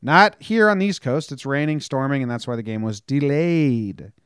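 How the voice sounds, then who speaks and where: A man hosting a casual sports podcast, upbeat and joking in fast banter with his co-host. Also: medium pitch, lively intonation, fairly bright tone, smooth, dry recording, studio quality. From New Jersey.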